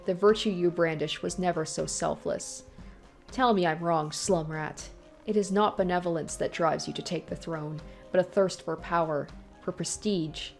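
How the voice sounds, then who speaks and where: A woman's voice: lowish voice, a little mellow, close to an everyday voice. A woman reading a visual novel aloud, voicing the taunting ghost of a cruel old tyrant. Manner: sneering, taunting, slow and menacing.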